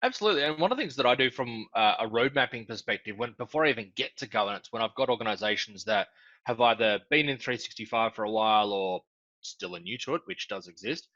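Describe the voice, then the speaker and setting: A man talks as a guest in a casual interview, his voice bright and forceful, often leaping upward for emphasis and sprinkling in ums. The sound is dry and close but dull and lo-fi, like a video call. He speaks at a middle pitch for a man. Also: quick pace, no echo. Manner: animated, jumps up in pitch for emphasis, frequent ums. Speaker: guest consultant.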